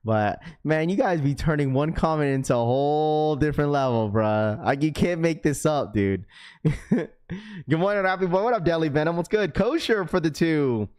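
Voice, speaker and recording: A man hosts a casual livestream with a fairly high-pitched voice. He chats loosely and laughs often as he works through shout-outs for donations. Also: normal speed, smooth. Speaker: livestream host.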